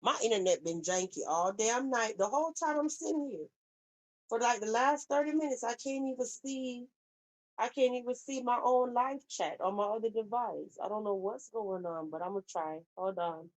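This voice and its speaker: A woman hosts a casual livestream, reading comments from chat in a chatty, animated way and calling viewers baby. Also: fairly high pitch, moderate pace, no room sound, poor audio.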